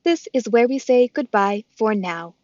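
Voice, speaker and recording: A woman voicing a gentle female robot mother who speaks slowly and formally, without contractions. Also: a little high, animated, no echo, muffled recording. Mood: calm tender. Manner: slow, measured, formal speech without contractions.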